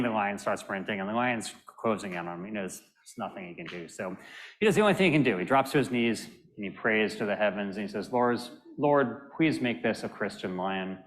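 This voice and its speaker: A man filling time at a panel by telling jokes, playful, dropping low and quiet to build up each punchline. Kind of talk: stand-up joke telling at a panel.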